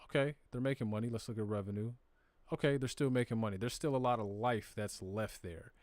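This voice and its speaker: This man's voice sits fairly low, with a darkish tone and a slightly fast delivery, and there's no room sound. He hosts a live crypto stream in a Southern US accent, loosely walking his audience through charts and data. The talk is slangy and plain, a conversational screen-share aimed straight at viewers.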